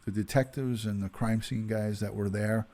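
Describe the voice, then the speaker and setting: A man's voice: lowish voice, fairly even intonation, normal speed, mellow. A man in his fifties, a retired detective hosting a casual livestream, chatting with viewers and greeting them by name with plenty of ums and uhs. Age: 50s.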